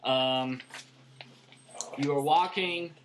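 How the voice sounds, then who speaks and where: A man's voice: fairly high pitch, extremely slow, background noise. A young man narrating a tabletop game as dungeon master, in a casual way with fillers. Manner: casual, with fillers while describing scenes.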